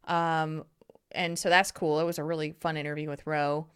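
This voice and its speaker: A woman hosting a podcast in casual chat, giggly and talkative, with lively swings in pitch. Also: normal speed, clear, resonant tone, no room sound, clean studio sound. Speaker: podcast host.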